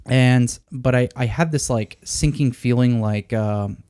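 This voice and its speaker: A man's voice: mid-range voice, a little slow, clean tone. A man in his thirties, a podcast co-host, telling a story in a casual chat and acting out the dialogue. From United States. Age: 30s. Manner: animated, acts out the dialogue of people in his story.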